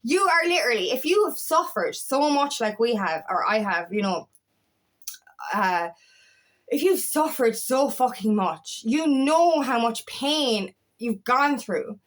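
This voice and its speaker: A woman's voice: fairly high pitch, expressive, unhurried. A young woman coach giving a fiery motivational talk, swearing often and repeating herself for emphasis. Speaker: empowerment coach. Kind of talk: impassioned motivational monologue.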